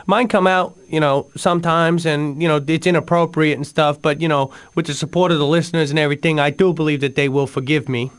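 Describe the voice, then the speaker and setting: A man's voice: a little high, fairly even intonation, brisk, hardly any pauses, clear, resonant tone. A man co-hosting a comedy radio show, telling rambling stories with sudden emotional swings. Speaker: radio co-host. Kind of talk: comic radio storytelling.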